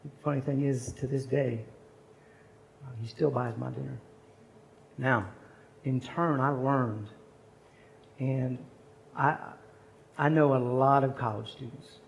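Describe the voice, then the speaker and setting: A man's voice: medium pitch, steady tone, slow, gravelly, long pauses, slight background noise, rough recording. A man in his forties preaching at a chapel service, telling a personal story and acting out the voices of the people in it. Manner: storytelling, acts out quoted voices. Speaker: chapel speaker. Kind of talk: sermon story.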